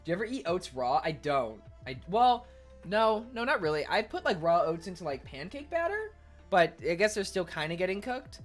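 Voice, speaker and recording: A man streaming live in a casual chat, reading viewers' messages aloud and answering them while he eats, quick to argue and defensive. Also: sits high, big pitch swings, soft background music.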